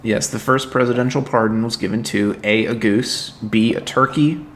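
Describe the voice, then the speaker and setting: Male quizmaster, lowish voice, deadpan teasing delivery, faint background noise. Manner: dry, teasing, reads questions slowly. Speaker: co-host and trivia quizmaster. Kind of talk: casual podcast chat, reading trivia.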